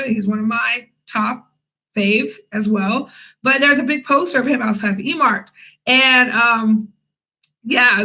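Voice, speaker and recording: Bright, chatty young woman telling a story. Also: on the high side, rough recording. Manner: chatty and animated, many fillers and asides to viewers. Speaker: vlogger, English teacher in Korea. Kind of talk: casual storytime.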